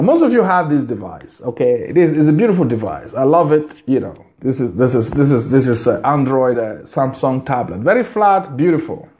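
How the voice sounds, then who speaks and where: A man's voice: a little high, darkish tone. A middle-aged man with a Nigerian accent, talking to his viewers at home in a rambling, emphatic way, often repeating his words. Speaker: vlogger. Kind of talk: casual monologue to camera. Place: his house.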